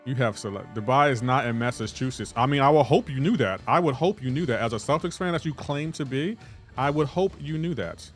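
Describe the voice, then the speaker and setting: A man's voice: medium pitch, brisk, faint music behind. A man streaming a game live, chatting casually and playfully indignant as he banters with his chat.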